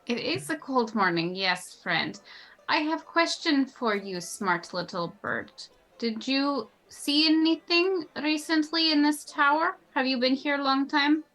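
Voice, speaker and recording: A woman player in a tabletop game speaks in character with a bright, sharp voice pitched fairly high. Her phrasing is formal and a little halting, and she often drops articles. Faint music plays behind her. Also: animated, rough recording. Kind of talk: in-character role-play.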